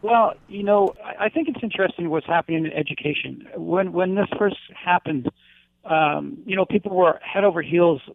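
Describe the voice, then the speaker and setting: A man's voice: high-pitched, normal speed, gravelly, no room sound, phone-quality sound. A male teacher talking earnestly in a casual interview, rambling with lots of fillers.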